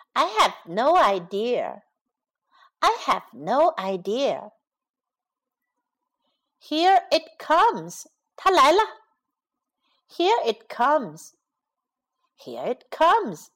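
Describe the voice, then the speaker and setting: A woman tells a children's story and then teaches it phrase by phrase, repeating each line slowly and gently for young learners. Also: a little high. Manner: slow, careful repetition of each phrase. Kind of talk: bilingual storytelling lesson for children.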